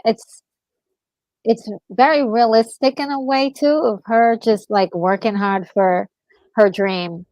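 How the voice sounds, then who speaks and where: A woman co-hosting a watch party, chatting softly and agreeing often. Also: a little high, fairly even intonation, slow, dry recording, low-quality recording. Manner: soft-spoken, agreeable, many mm-hmms. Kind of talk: casual commentary while watching a film.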